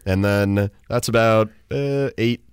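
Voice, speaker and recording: A man's voice: lowish voice, slow pace, smooth, no room sound, clean studio sound. A man guesting on a radio show, talking casually and keenly about beer. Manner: enthusiastic, easygoing beer talk. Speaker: brewery guest. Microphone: studio microphone.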